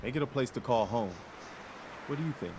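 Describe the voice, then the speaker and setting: An actor playing an earnest, dutiful male militia leader in a video game, speaking in a steady, sincere way. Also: mid-range voice, brisk, a little hiss or hum, close to an everyday voice. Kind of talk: game character dialogue.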